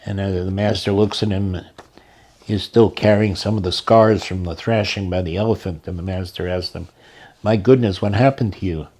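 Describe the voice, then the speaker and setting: A man telling spiritual stories in a calm, measured way. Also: low-pitched. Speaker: storyteller. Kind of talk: spoken story narration.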